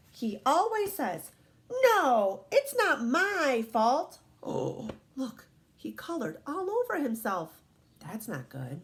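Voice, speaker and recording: A woman teacher reading picture books aloud to young children, gentle and encouraging, often asking them questions. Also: a little high, a little hiss or hum. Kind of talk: storybook read-aloud lesson.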